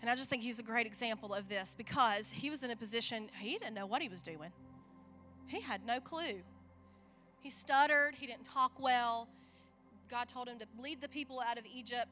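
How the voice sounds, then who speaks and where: A woman preaching a sermon in an animated way, acting out the voices she quotes. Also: on the high side, moderate pace, faint music behind. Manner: animated, acts out quoted voices, chuckles at herself.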